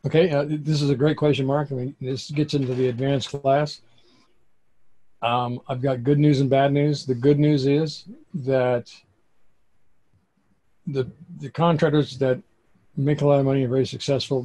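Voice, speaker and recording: A man who is a construction accounting expert, talking in an animated interview and telling stories with dramatic bursts of emphasis. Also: medium pitch, measured pace, long pauses.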